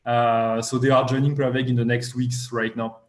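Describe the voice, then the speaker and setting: A man's voice: mid-range voice, flat delivery, moderate pace, roomy sound. Hesitant man with many fillers. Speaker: guest investor. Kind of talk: live online interview.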